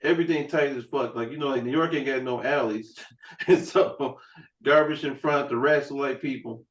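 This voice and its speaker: A man's voice: medium pitch, normal speed, far from the mic. A man hosting a podcast, telling loose, profane stories in a casual chat. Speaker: podcast host. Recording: roomy room sound, set back from the mic.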